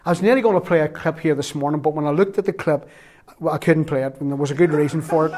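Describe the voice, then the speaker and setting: A male pastor delivers a sermon in a somewhat high-pitched voice. He speaks with emphasis and circles back to repeat his key phrases for weight. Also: quick pace, dark tone, a little hiss or hum. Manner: emphatic preaching with repetition.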